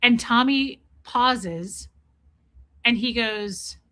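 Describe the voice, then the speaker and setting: A woman hosting a casual livestream, greeting viewers by name and telling a self-mocking story in an animated way. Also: on the high side, drawn-out words. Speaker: livestream host. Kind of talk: casual livestream chat reading viewer comments.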